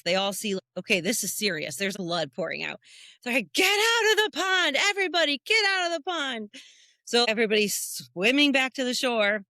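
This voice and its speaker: A woman from the United States, co-hosting a podcast, telling animated stories in a casual chat and jumping up high when she quotes people. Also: no room sound, clean studio sound. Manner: animated storyteller who jumps high when quoting people. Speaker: podcast co-host.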